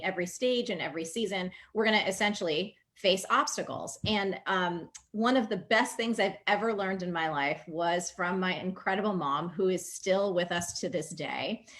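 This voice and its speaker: A woman in her forties from New Jersey, a guest speaker telling a personal story in a lively, chatty way. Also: mid-range voice. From New Jersey, USA. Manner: animated, vivid storyteller, chatty with fillers.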